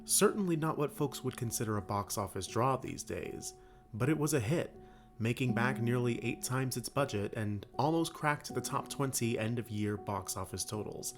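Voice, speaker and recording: A man narrating a scripted comedic video essay in a dry, wry manner with jokey asides. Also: medium pitch. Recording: guitar music underneath.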